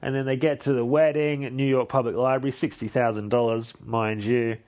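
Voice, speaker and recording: A man's voice: mid-range voice, steady tone, brisk, a little mellow. A man hosting a podcast, recapping a film in a rambling, casual way with swearing and self-corrections. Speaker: podcast host.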